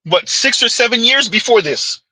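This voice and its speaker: A man delivering a ranting commentary vlog in a high, very bright voice with a husky grain. He is blunt and preachy, tossing in sarcastic laughs and rhetorical asides, and the sound is dry and close. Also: animated, normal speed, no room sound, low-quality recording. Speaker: commentary vlogger.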